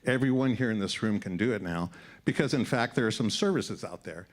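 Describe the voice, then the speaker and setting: A man's voice: on the low side, brisk. A man speaking as a conference presenter, explaining slides in an upbeat way to a live audience in an event room. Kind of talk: short-format tech presentation.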